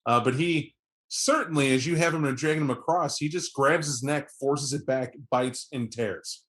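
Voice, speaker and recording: A man's voice: mid-range voice, moderate pace, fairly bright tone. A man runs a tabletop game, narrating the action in a loose, conversational way. He keeps the scene moving with lots of fillers and asides. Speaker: game master.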